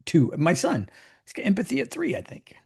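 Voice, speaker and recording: Man, middle-aged, coach, gravelly, dark tone, casual chat. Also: sits high, wildly swooping pitch. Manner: chatty, acts out clients in quick put-on voices.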